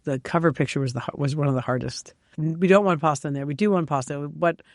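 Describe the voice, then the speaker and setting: A woman chef from New York, a guest on an interview show, telling lively stories with frequent laughs and fillers. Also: low voice, fast, a little hiss or hum. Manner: animated storyteller, laughs often, many fillers. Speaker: chef and cookbook author, guest. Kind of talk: casual interview chat.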